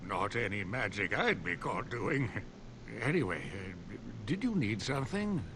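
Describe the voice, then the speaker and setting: An actor playing a forgetful, grumpy old mage who talks hesitantly and turns curt, in video game dialogue. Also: male voice, fairly low pitch, unhurried. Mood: grumbling. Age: older. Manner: hesitant, then curt and dismissive. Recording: game audio with steady ambient noise.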